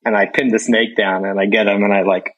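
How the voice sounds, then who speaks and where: A man guest on a podcast, telling a story in a relaxed way and laughing often. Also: lowish voice, fairly quick, dull audio. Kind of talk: casual chat.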